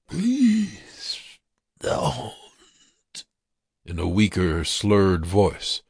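A man narrating a dark story as an audiobook, in a measured, grave manner. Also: low voice, dry recording, studio quality.

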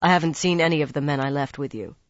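Narrator putting on a deep-voiced, polished man from an audiobook, smooth and coolly menacing. The read sits close and dry with little room around it. The sound is somewhat dull and lo-fi. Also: quick pace, dry recording, close to an everyday voice. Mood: smooth, wary.

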